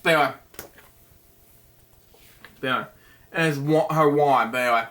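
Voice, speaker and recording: A man hosting a bedtime story show, reading a picture book aloud in a halting way, stumbling over words and breaking off with asides. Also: on the high side, a bit bright. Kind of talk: casual read-aloud with asides.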